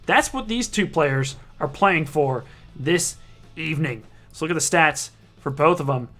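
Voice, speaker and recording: Bright-voiced man hosting darts commentary. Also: fairly high pitch, expressive, a little slow, soft background music. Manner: casual, joking, often corrects himself mid-sentence. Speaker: league broadcast host. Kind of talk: live online darts commentary.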